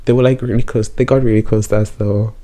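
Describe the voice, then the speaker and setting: A man's voice: lowish voice, steady tone, fast talker, dark tone. A young man in a casual storytime chat, a bit tipsy from wine, rambling and repeating himself as he tells the story. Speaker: vlogger.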